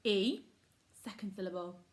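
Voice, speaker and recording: A woman's voice: medium pitch, moderate pace. A woman teaching a phonics lesson to young children, upbeat and encouraging, sounding words out syllable by syllable. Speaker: primary school teacher.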